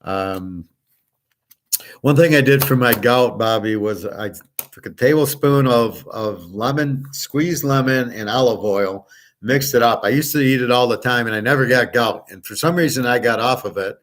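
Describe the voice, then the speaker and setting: A man's voice: mid-range voice, normal speed, a bit bright. A man in the middle of his range rambles through a casual monologue, blunt and full of fillers. He drifts from one thought to the next and swears freely as he talks straight to his listeners. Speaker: host of a picks and markets channel.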